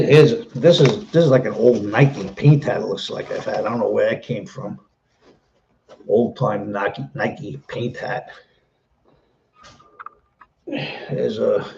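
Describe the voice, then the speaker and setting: Gravelly-voiced man rambling on a live stream. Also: mid-range voice, warm tone, muffled recording, slight background noise. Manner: rambling, chatty, repeats himself. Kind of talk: casual live stream chat.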